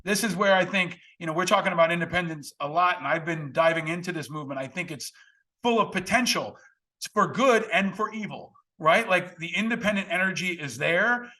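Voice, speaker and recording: Bright, high-voiced man hosting. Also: brisk. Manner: earnest, emphatic, blunt. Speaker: podcast host. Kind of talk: casual political conversation.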